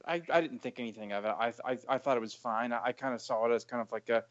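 Quiet stammering man on a podcast. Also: medium pitch, fairly even intonation, rapid-fire, dry recording. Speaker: podcast co-host. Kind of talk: casual wrestling chat. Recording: dry, dull lo-fi recording.

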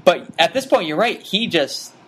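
A man chatting casually about a TV episode, rambling and animated with many restarts. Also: normal speed, slightly rough. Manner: rambling, animated, frequent restarts and pitch jumps.

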